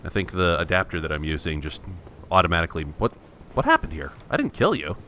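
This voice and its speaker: A man's voice: low-pitched, huge pitch swings, quick pace, sharp tone, slight background noise. A man thinking aloud in wry, self-mocking let's play commentary, restarting his sentences often. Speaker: gameplay commentator.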